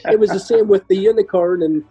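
An older man, a guest musician, telling humorous stories in a chatty, lively way. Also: high-pitched, a little fast, faint music behind, poor audio. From Ireland. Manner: chatty, humorous anecdotes with lively voiced quotes. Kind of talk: conversational storytelling.

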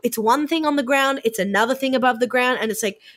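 A woman's voice: sits high, fast talker, a bit bright. A young woman, co-hosting a casual podcast and ranting freely with plenty of swearing. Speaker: podcast co-host. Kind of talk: casual chat.

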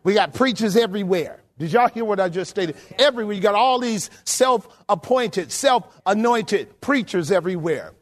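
A middle-aged man preaches a sermon in a church, and his voice sits high. He keeps asking the congregation questions and climbs to loud, emphatic peaks. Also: lively intonation, moderate pace, hardly any pauses. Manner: call-and-response preaching, rising to emphatic peaks. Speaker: pastor. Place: church sanctuary.

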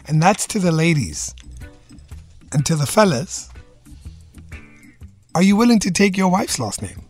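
A male radio host with a high, very lively voice that leaps up and down as he quizzes his co-hosts. He talks in an animated, playful way. A little music plays underneath. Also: measured pace. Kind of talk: casual radio chat.

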